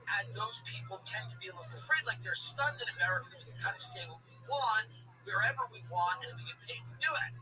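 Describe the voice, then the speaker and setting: Comedian host, sardonic and rambling, recorded off-mic with music playing underneath. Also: male voice, high-pitched, far from the mic, low-quality recording. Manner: sardonic, digressive, many asides.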